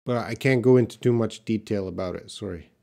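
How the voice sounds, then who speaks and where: A man's voice: fairly low pitch, fairly quick, gravelly, warm tone. A man teaching English in a live question-and-answer class, reading out viewer comments and explaining them patiently with short example sentences.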